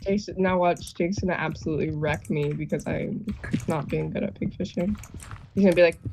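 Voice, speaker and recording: A woman's voice: fairly low pitch, fairly even intonation, brisk. A woman streaming, chatting and teasing her friends in a chatty way while gaming. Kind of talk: casual gaming chat with friends. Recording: faint noise with keyboard clicks.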